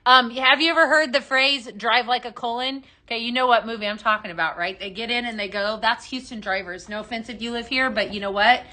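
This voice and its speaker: A woman's voice: a little high, brisk, hardly any pauses, pushed and bright. A woman with a Texan accent hosting a casual live stream, chatty and bubbly, greeting viewers by name and laughing often. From Texas. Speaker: live-stream host mixing fragrances. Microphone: phone.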